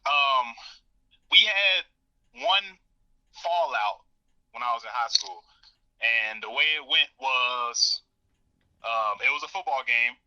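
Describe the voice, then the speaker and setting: A man's voice: slow, pauses often. A young man, a podcast guest, telling a personal story casually, acting out what people said. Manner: animated, acts out quoted dialogue with rising pitch. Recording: dull lo-fi audio.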